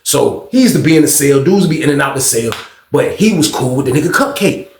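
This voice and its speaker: Slangy, rambling male storyteller, voice sits a bit high, roomy echoey room. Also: animated, a little fast, slight background noise. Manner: rambling, street slang, frequent "you know what I mean". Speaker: storyteller recounting prison life. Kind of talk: casual first-person storytelling. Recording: roomy echo.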